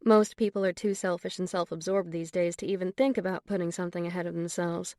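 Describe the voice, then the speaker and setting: A woman voicing a confident, flirtatious wealthy man in an audiobook, speaking low and measured. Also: fairly even intonation, darkish tone, dry recording, studio quality, lightly acted. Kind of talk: audiobook character voice.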